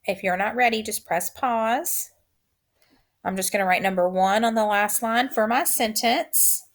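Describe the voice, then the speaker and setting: A woman teacher leads a recorded phonics lesson. She dictates at an unhurried, deliberate pace and repeats every word for the class. Her voice sits at an ordinary middle pitch. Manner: slow, drawn-out dictation with repeated words.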